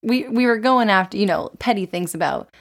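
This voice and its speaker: A woman's voice: medium pitch, expressive, fairly quick, creaky. Chatty giggly young woman co-host. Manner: chatty, giggly, tells stories with playful voices. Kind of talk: casual podcast chat.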